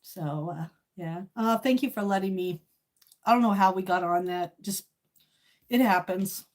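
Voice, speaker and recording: A woman's voice: mid-range voice, a little slow, a little mellow. Emotional, tearful woman in her sixties. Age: 60s. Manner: emotional, tearful and laughing by turns, many fillers. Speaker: live streamer. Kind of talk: casual live stream chat.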